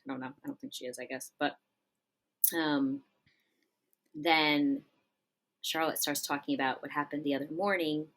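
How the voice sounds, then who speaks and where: Low bright-voiced woman recapping a show. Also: animated, normal speed, pauses often, poor audio. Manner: retells scenes, acts out the lines she quotes, corrects herself often. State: keeps clearing her throat. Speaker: podcast co-host. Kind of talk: casual episode recap chat.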